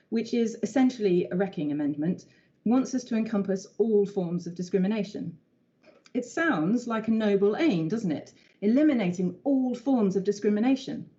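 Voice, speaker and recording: A woman making an earnest, measured speech as a councillor in a formal council debate. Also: mid-range voice, warm tone. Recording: dull lo-fi sound.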